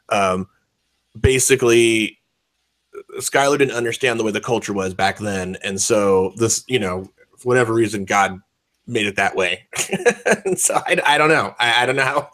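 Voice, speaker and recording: A man's voice: mid-range voice, a bit bright. A man co-hosting an online discussion show, rambling in casual chat with a lot of swearing and filler words. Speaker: podcast co-host.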